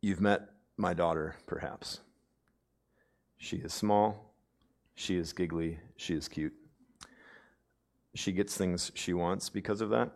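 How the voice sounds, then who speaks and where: A young adult male pastor preaching a sermon, swinging from emphatic outbursts to hushed, near-whispered passages, with conversational asides. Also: sits low, takes it slowly, vocal fry, pauses often. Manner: conversational, with frequent "right?" asides.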